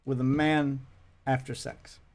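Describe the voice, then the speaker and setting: A man's voice: mid-range voice, flat delivery, measured pace, a little mellow. A man co-hosting a livestream in casual chat, explaining bluntly and swearing casually. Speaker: livestream co-host.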